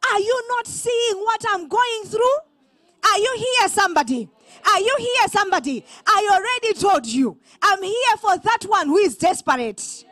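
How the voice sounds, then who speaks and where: A woman with a Malawian accent preaching an impassioned sermon, repeating calls to her listeners and often rising to a shout. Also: very high voice, no echo. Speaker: prophetess preaching.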